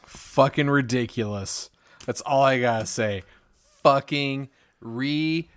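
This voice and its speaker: A man's voice: medium pitch, a little slow. A man co-hosting a casual wrestling podcast, ranting in exasperation with heavy swearing. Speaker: podcast co-host.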